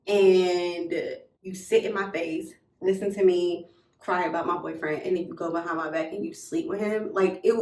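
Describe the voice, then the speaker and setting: A young woman telling a personal story in a casual, animated way, blunt and swearing freely. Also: medium pitch, distant mic. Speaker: storytime vlogger. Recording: roomy echo, a little off mic.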